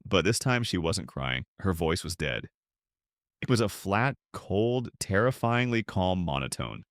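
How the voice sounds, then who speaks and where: A man's voice: low voice, big pitch swings, measured pace, no room sound, studio quality. An older man narrating a tense first-person drama in a clipped storytelling voice.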